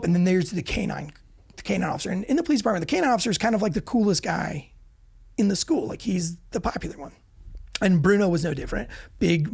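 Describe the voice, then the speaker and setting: A man with a gravelly, husky voice tells war-story style anecdotes as a podcast guest. He talks fast and animated, swears freely and trips over restarts as he mocks himself. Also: high-pitched. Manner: rapid, self-deprecating, frequent restarts. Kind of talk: animated storytelling, casual and profane.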